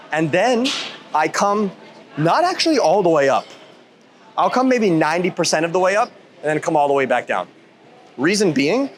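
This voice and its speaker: A man's voice: a little high, slight background noise. A man in his thirties giving a casual workout tutorial in a gym. He rambles and jokes, with goofy asides and self-interruptions. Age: 30s. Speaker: fitness YouTuber.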